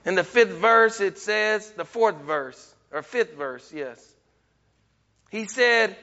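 A high, bright-voiced man delivers a sermon at an unhurried pace. He presses hard on his points, climbing to near-shouts before falling quiet. The recording is dull and muffled, with a long reverb trailing each phrase. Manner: emphatic, rising to near-shouts then dropping low. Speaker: preacher.

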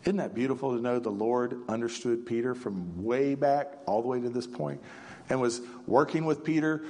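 A man's voice: mid-range voice, moderate pace, mellow. Man preaching a story-driven sermon. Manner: storytelling, vivid retelling with repetitions.

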